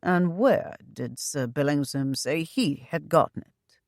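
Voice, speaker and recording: Woman voicing a calm low-voiced young hero. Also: a little slow, dry recording, studio quality. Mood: cool. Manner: quiet and level.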